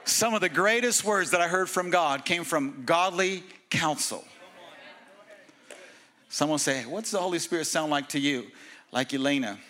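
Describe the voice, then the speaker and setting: A male pastor preaching an energetic, casual sermon with slang and humor at a church service. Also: a little high, normal speed.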